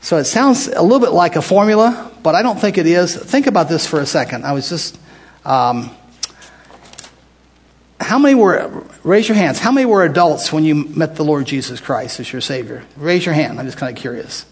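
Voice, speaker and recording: A man's voice: on the high side, animated, moderate pace, breathy edge. Older man teaching a casual Bible study. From United States. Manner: conversational, restarts often, asks the group questions.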